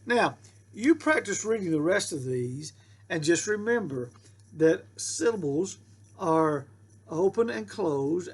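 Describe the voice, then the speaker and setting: A man's voice: sits high, expressive, takes it slowly, slightly rough. A man teaching a Hebrew lesson, patiently repeating rules and sounding out syllables. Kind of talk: slow classroom-style lesson.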